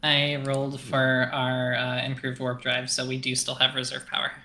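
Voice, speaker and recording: A man's voice: medium pitch, monotone, normal speed, sharp tone. A man playing a tabletop game, talking through his rolls in a casual, matter-of-fact way. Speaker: player.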